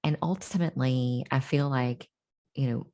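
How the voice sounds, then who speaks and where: A woman's voice: very deep voice, moderate pace, mellow. A middle-aged woman as an interview guest, telling her personal story candidly and reflectively, with many fillers and restarts.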